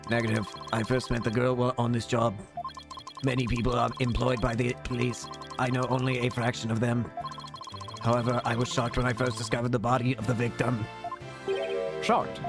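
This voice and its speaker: Guy doing a robot-voiced bomb squad guy, flat and clipped, game music behind. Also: medium pitch, fairly quick, lightly acted. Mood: robotic. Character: robotic male bomb disposal expert, terse. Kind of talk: video game voice acting.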